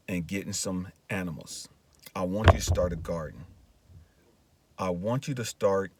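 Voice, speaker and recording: A man quoting God in a calm, firm, lower voice.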